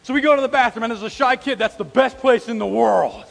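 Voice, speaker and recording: A man's voice: extremely high pitch, fast talker, vocal fry. A middle-aged man preaching a sermon, telling a story and acting out quoted voices as he addresses the congregation. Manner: animated, acts out quoted voices, talks to the congregation. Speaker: pastor. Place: church hall. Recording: long hall reverb in a church.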